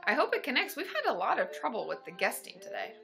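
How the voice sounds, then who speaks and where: A young woman, a therapist hosting a casual livestream, chatting brightly and answering viewer questions. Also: fairly high pitch, wildly swooping pitch, fast, creaky, music in the background.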